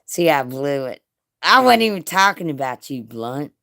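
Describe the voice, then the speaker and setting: A woman's voice: sits low, sing-song, moderate pace, creaky, fairly bright tone, no echo, clean studio sound. A woman hosting a casual livestream, reading chat and telling stories with frequent swearing and laughter. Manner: crude, swearing, laughing often.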